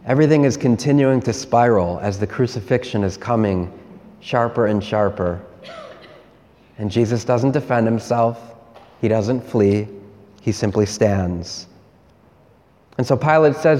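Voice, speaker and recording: A man, a priest, giving a sermon in a slow, measured way with repeated refrains. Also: mid-range voice, a little mellow, in a large hall.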